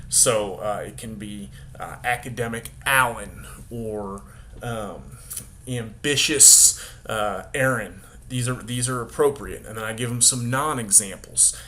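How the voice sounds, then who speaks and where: A man's voice: on the low side, measured pace, sharp tone, slight background noise. A male teacher explaining a classroom name game in a casual, upbeat way, acting out bits of dialogue with students. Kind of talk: casual instructional talk to camera.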